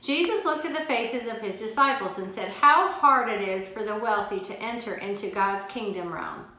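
A woman's voice: mid-range voice, moderate pace, pushed and bright, a little hiss or hum. A woman teaching a Bible study, reading scripture aloud and stressing key phrases with emphatic repetition. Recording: very echoey room.

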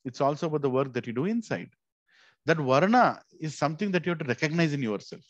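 A man's voice: fairly high pitch, lively intonation, fast, no room sound, dull audio. A man with an Indian English accent, teaching a devotional scripture class in a conversational way and leading the group in recitation. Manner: conversational, leads call-and-response recitation.

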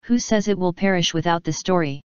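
A skeptical young woman who keeps asking pointed questions, as a narrator puts her on. The voice is lowish for a woman and very clear, in a dry, slightly dull recording. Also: quick pace, darkish tone, no room sound, natural voice. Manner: skeptical, probing.

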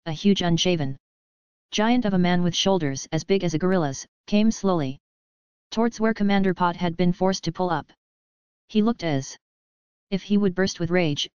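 Smooth-voiced audiobook storyteller. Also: medium pitch, darkish tone, dry recording. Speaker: audiobook narrator. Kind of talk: scripted storybook narration. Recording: dull, dry sound.

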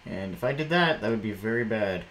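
A man's voice: on the low side, animated, fairly quick, a bit bright, a little hiss or hum, rough recording. A man giving casual commentary while playing a game, rambling and jumpy, breaking into shrieks when startled. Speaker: gameplay commentator.

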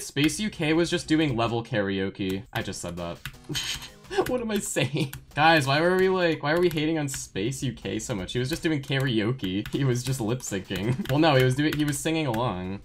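Young female streamer, unusually deep voice, lively pitch; excitable, self-scolding, bursts into yells. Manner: excitable, scolds herself, yells when she fails. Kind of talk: live-stream gameplay commentary.

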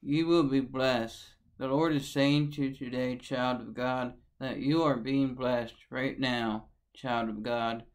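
A man's voice: mid-range voice, steady tone, slow pace, few pauses, rough recording. A man hosting a devotional video who chants his catchphrase over and over, then reads scripture and gives blessings in an earnest, preacherly way. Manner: sing-song, repeats phrases over and over. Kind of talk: repetitive catchphrase intro, then scripture reading.

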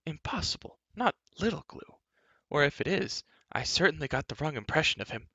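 A man's voice: on the high side, very animated, a little fast, sharp tone, breathy edge, dry recording, muffled recording, pitched above the performer's own voice, exaggerated voice. A man voicing a nervous, wry male bard who shakes with fear, in a storybook reading. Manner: nervous, exclaiming.

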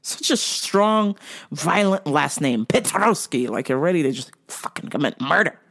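A woman's voice: sits low, moderate pace, vocal fry. A woman hosting her own show, delivering a profane comedic rant. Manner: profane, animated ranting. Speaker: vlog host.

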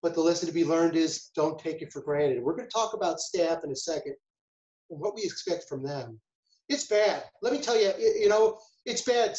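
A man's voice: sits high, a little mellow, roomy sound, highs cut off. A man, a food safety chef, giving a casual webinar talk, chatty and full of rhetorical questions and storytelling asides.

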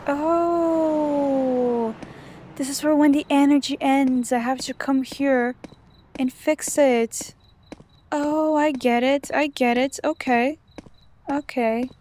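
High-voiced woman narrating a horror game. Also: fairly even intonation, takes it slowly, a little mellow, slight background noise. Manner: chatty, jumpy, talks to herself. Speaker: gamer. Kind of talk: let's play commentary.

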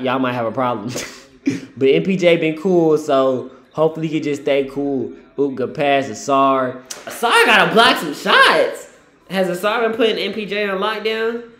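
A man's voice: medium pitch, reverberant. A man giving casual, slangy live reaction commentary on a basketball game, talking to the players on screen and laughing often. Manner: slangy, says "bro" a lot.

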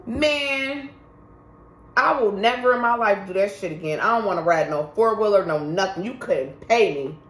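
A woman's voice: medium pitch, fairly quick, hardly any pauses. A woman telling a story to her viewers in a casual vlog, chatty and emphatic, talking straight to the audience. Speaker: vlogger. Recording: roomy echo.

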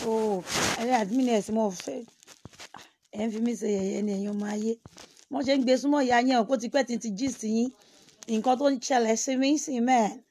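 Lady on a phone livestream, kinda high voice, mixes yoruba and english, tells it all dramatic. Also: quick pace, slight background noise. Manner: animated, dramatic storytelling with sudden exclamations; switches between Yoruba and English mid-sentence. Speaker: livestream host. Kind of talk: casual livestream chat.

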